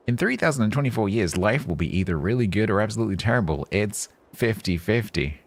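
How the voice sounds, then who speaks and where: Male streamer, very low voice, rambling self-mocking banter into a desk mic. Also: animated, fast, hardly any pauses. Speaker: game streamer. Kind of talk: casual live-stream chat.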